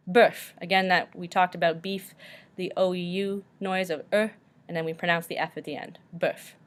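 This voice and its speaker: A woman gives a recorded French lesson to her class. She talks slowly and carefully and says each example word twice. Her voice sits fairly low for a woman. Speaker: French teacher.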